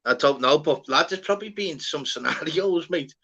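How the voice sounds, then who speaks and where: A man with a Scouse accent chatting casually, animated and sweary, acting out quoted voices. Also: a little high, normal speed, crowd noise. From Liverpool, England. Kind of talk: casual banter podcast chat. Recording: dull lo-fi audio.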